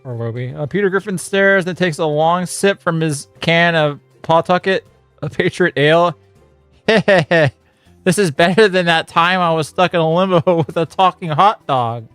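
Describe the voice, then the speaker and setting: This is a male streamer reading a generated story aloud to his viewers, breaking off to chuckle and ramble. His voice sits a little high. The room sounds dry, and faint guitar music plays in the background. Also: a bit bright, clean tone, dry recording. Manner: chuckling, rambling, reads in quick bursts.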